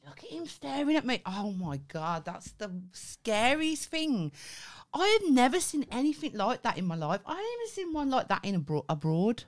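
Brief: Brummie woman podcast co-host, sweary, giggly, pitch bouncing all over. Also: normal speed. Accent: Birmingham. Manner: sweary, laughing, excitable. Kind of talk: casual comedy podcast chat.

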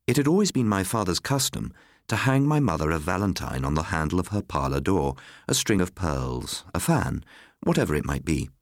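Deep-voiced man reading a story. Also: very animated, fairly quick, dry recording, studio quality. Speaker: narrator. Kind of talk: scripted storybook narration.

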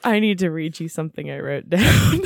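A young woman co-hosting a casual movie podcast, blunt and quick to laugh. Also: deep voice, animated, dry recording, clean studio sound. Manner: laughs often, frank and blunt. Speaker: podcast co-host.

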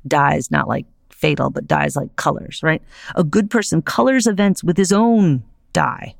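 A middle-aged woman hosting a solo podcast, talking in an animated, conversational way and often checking in with "right?". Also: low voice, unhurried, gravelly, dry recording, clean studio sound. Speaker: podcast host. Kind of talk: solo podcast monologue on philosophy.

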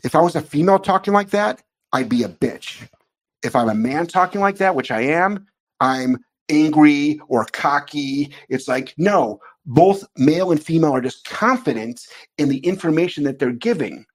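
A man hosting a casual podcast about dog training, animated, loud and blunt. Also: a little high, moderate pace.

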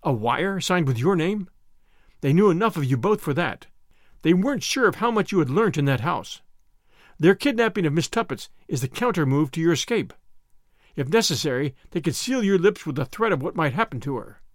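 A man voicing a grave older male lawyer who speaks in a measured, dry way with clipped questions. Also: a little high, expressive, no room sound, lightly acted.

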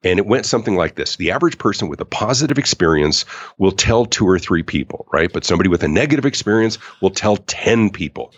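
A man talking as a guest in a podcast interview, emphatic and animated. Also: low voice, fast, breathy edge, dry recording, muffled recording. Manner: animated, emphatic, acts out quoted customers. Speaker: author and customer experience speaker, guest.

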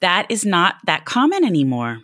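Low-voiced woman interviewer. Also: huge pitch swings, normal speed, a bit bright. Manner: curious, friendly questioning. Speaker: interview host. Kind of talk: casual interview chat.

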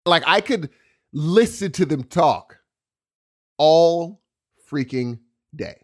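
A man co-hosting a podcast, joking around in casual chat and laughing easily. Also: fairly high pitch. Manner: animated, jokey, quick to laugh. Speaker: podcast co-host.

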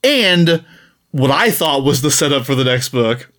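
A man's voice: medium pitch, a little slow. A man co-hosting a podcast, casually retelling a book's plot with laughs and swearing. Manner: laughing, profane, animated storytelling. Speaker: podcast co-host.

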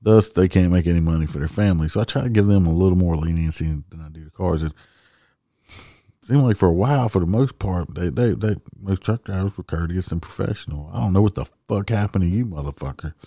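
Traffic cop, male, mellow low voice, profane and blunt storyteller. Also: fast talker, no echo, studio quality. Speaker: traffic police officer. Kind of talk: casual storytelling monologue.

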